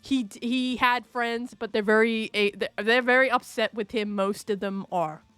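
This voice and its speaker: A woman's voice: fairly high pitch, steady tone, moderate pace, a bit bright, clean tone, no room sound, soft background music. A woman streaming live, chatting casually and playfully, rambling, laughing often and answering her chat.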